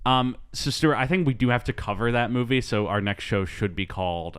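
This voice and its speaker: A man's voice: medium pitch, normal speed, a bit bright, clean tone. A man hosting a podcast in casual chat, rambling and hesitant with many ums. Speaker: podcast host.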